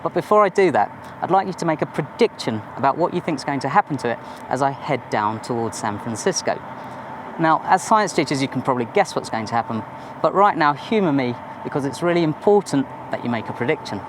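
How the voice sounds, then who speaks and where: A man's voice: medium pitch, expressive, a little fast, background noise. A man, a science teacher presenting a documentary to camera in a chatty, informal and self-deprecating way. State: a bit out of breath. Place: outdoors on a mountain top.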